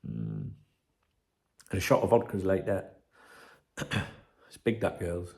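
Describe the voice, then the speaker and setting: A man's voice: low-pitched, sing-song, slow, gravelly, darkish tone. A man hosting a football channel, ranting and rambling in casual, sweary banter.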